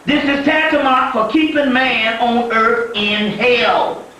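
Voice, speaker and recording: A man giving a spiritual lecture, telling stories in a profane, animated way. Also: very high-pitched, takes it slowly, a little hiss or hum. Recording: echoey room heard from far off.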